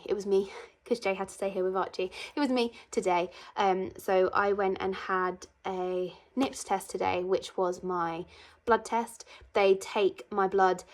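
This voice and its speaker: Chatty young woman vlogging. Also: mid-range voice. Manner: emotional, chatty, many fillers. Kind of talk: casual vlog storytelling.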